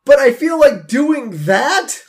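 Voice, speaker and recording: A man with a notably high voice co-hosts a casual podcast, recapping a cartoon episode with animated energy. He trails off into fillers and restarts, then jumps into quoted lines. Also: slow pace. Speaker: podcast co-host.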